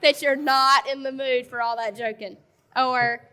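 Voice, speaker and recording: Frank woman with a high voice. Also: steady tone, measured pace, sharp tone, smooth. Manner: direct, frank, laughing asides. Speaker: co-presenter at a marriage conference. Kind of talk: conversational church talk.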